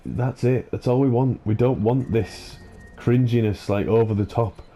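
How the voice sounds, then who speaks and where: A man's voice: medium pitch, measured pace, mellow, faint music behind. A man hosting a gaming channel, ranting in an exasperated, sweary way, full of fillers and restarts. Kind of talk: ranting commentary over gameplay.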